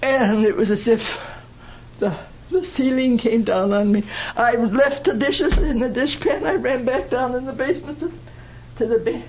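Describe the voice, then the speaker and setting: An older woman giving a personal testimony at a church gathering, telling her story in an earnest, deliberate way. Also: a little high, darkish tone, slight background noise, low-quality recording.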